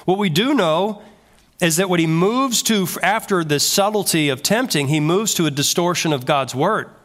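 A male pastor preaching a sermon in an animated way, full of rhetorical questions. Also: high-pitched, normal speed.

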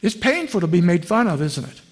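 A male pastor preaching a sermon in a conversational way, asking the congregation questions and dropping low and quiet on emotional phrases. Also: big pitch swings, fairly quick.

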